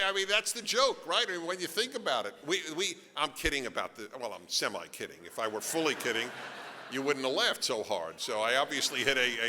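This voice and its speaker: Animated man lecturing in a reverberant hall. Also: a little high, noisy background. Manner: animated, joking asides, rhetorical questions. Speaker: author giving a talk. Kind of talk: lecture to a live audience. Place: large event hall.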